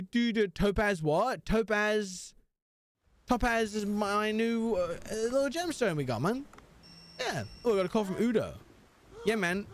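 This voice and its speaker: A young man streaming a video game, chatting casually and joking, humming and singing along to the music. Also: high voice. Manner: rambling, jokey, hums and sings along to music. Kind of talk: casual gaming livestream chat.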